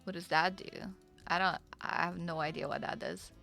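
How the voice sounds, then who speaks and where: A woman streaming a game, chatting casually, excitable, swearing, and answering chat. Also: on the low side, moderate pace, soft background music.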